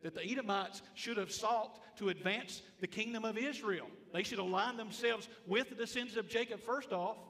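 In a church sanctuary with long reverb, a pastor gives an emphatic sermon at a moderate pace with few pauses, his voice high and bright. He drives each point by repeating it and asking the congregation questions.

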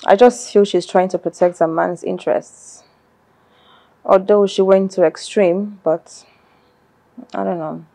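A woman's voice: medium pitch, fairly even intonation, unhurried, gravelly, pauses often, mellow. An actress with a Nigerian accent playing an outspoken young woman friend who talks bluntly and sassily. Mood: sassy.

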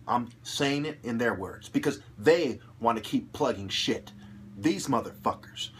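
A man delivering an angry, profane monologue to his viewers, ranting aggressively and rising to shouts. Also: fairly high pitch, slightly rough. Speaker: channel host.

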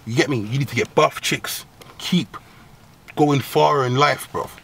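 A man giving comic advice as a host, in a profane, slang-heavy rant full of laughs and sudden high squeals. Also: unhurried, gravelly, fairly bright tone, a little hiss or hum. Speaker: agony-uncle comedy host.

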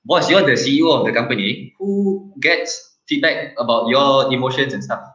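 An easygoing man co-hosts a casual live chat over a video call, chiming in with quick questions. His voice is bright and forceful. The audio is echoey and a little muffled. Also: mid-range voice, expressive. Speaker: co-host. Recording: echoey, slightly dull room audio.

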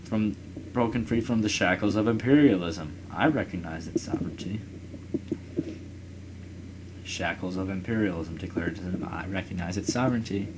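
A man's voice: sits low, normal speed, pauses often, noisy background. A young man casually commenting on his strategy game, rambling, swearing at rival nations and reading game text aloud. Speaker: let's player.

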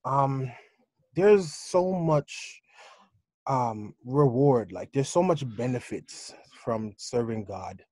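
A man, a youth leader, answers questions with enthusiastic, testifying energy and a lot of "like". His voice is mellow and warm at a middle pitch. The recording is dry and close. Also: animated, slow, dry recording.

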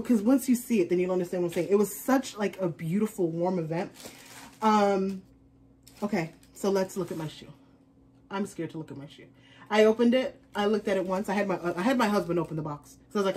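A woman's voice: mid-range voice, darkish tone, a little hiss or hum. A woman chatting casually in an unboxing vlog, rambling on as a fashion vlogger.

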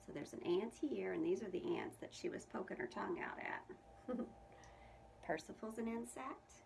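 A woman's voice: medium pitch, gravelly, darkish tone. A woman preschool teacher reading a picture book aloud to young children, asking them questions about the pictures. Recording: distant mic with faint room noise.

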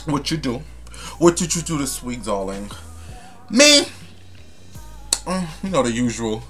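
A man's voice: mid-range voice, sing-song, measured pace, fairly bright tone, faint music behind. A young man vlogging in a casual chat to camera, sassy and flamboyant, calling viewers honey and darling with dramatic, gossipy asides.

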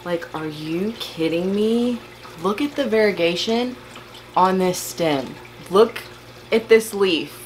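Slow-talking emotional woman vlogger. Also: mid-range voice, slight background noise, low-quality recording. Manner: gushing, overwhelmed and emotional. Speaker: plant vlogger. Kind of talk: casual unboxing vlog.

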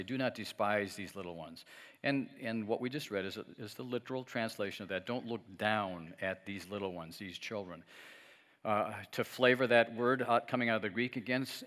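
A man's voice: on the low side, normal speed, a bit bright. A middle-aged man preaching a sermon as pastor, talking conversationally, joking now and then and having the congregation repeat after him. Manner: joking asides with light laughs. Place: church sanctuary. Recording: long reverb of a church hall.

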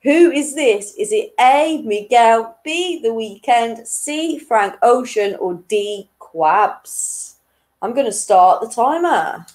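A woman's voice: a little high, expressive, slow pace, a little mellow, poor audio. A woman in her late twenties hosting an online quiz, chatty and self-deprecating, often breaking into giggles. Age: 20s. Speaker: quiz host.

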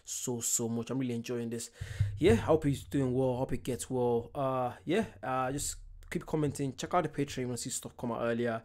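A man's voice: medium pitch, a little fast, a little mellow. A man chatting casually as he reacts to a comedy clip, apologetic and enthusiastic. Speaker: reaction video host.

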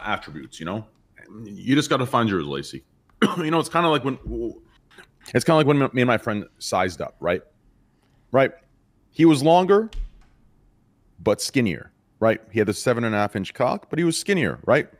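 A man's voice: mid-range voice, sing-song, normal speed, long pauses. A young man joking crudely in a laid-back way during a casual stream chat. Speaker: streamer friend.

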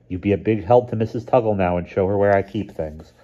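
A man reading a storybook aloud, voicing a busy mother who talks with brisk, forced cheerfulness. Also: on the low side, highs cut off, lightly acted. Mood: forced cheer.

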